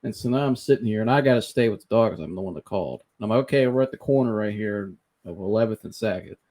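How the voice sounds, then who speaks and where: A man's voice: lowish voice, fast. Laughing man telling a wild story. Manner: animated storyteller, laughs often, mimics people he quotes. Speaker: podcast host. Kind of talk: casual storytelling.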